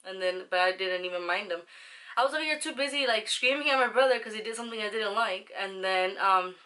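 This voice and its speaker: A young woman tells a personal story to her viewers in a casual vlog. Her voice is bright and forward. She rambles, slips into slang and swears now and then. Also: medium pitch, fast talker. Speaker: vlogger.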